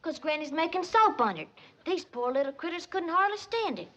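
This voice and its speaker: A woman's voice: very high voice, sing-song, a little fast, slight background noise, exaggerated voice. Sweet hillbilly girl. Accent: rural Southern US. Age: young adult. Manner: soft, innocent country talk. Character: sweet young hillbilly girl, animal-loving. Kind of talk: 1960s sitcom acting. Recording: muffled 1960s TV soundtrack.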